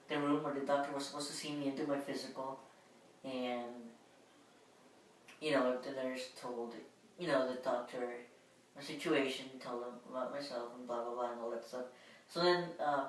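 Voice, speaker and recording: Heard from a distance, a bass-voiced woman vlogger rambles through a personal story, filling it with filler words. The room echoes heavily and a faint hum runs beneath her voice.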